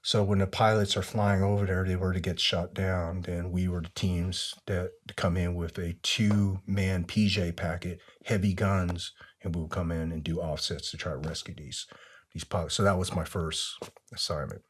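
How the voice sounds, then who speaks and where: A man being interviewed, telling long relaxed stories with many fillers. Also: deep voice, moderate pace, breathy edge. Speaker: interview guest, former soldier. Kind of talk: conversational interview storytelling.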